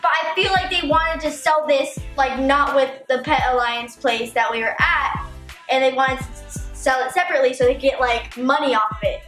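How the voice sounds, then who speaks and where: A woman's voice: high voice, fairly bright tone, roomy sound, faint music behind. A young woman vlogger telling a story with her mother in casual chat, often chiming in with "like". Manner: chatty, quick to chime in with "like". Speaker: vlogger, daughter.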